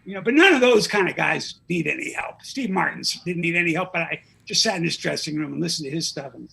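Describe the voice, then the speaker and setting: A man's voice: a little high, expressive, fast, vocal fry, pushed and bright, husky. A man guest on a talk show, a comedy writer telling a joke animatedly with character voices. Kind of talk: casual chat and joke telling.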